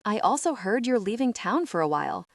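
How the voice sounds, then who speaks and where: A woman's voice: mid-range voice, big pitch swings, a little fast, vocal fry, no room sound, studio quality. A woman reading an audiobook, voicing a smug, sadistic middle-aged man who drawls in a mocking, falsely friendly way.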